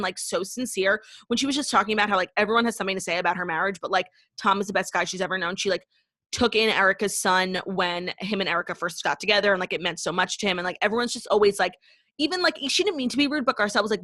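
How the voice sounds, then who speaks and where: A young woman co-hosts a podcast, gossiping fast in casual chat packed with "like" and some swearing. Her medium-pitched voice is bright and forceful, and the recording has no room sound.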